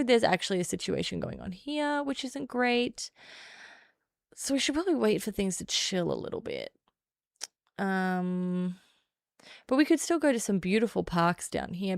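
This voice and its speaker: A woman's voice: medium pitch, gravelly, no room sound, studio quality. A young woman streaming, chatting casually in a playful, self-mocking way. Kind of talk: casual live-stream chat.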